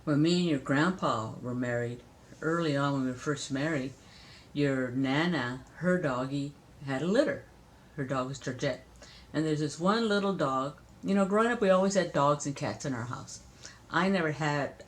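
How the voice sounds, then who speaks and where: A woman's voice: low voice, moderate pace. An older woman from Southern California, a grandmother chatting playfully to a grandchild in a casual spoken lesson, often laughing.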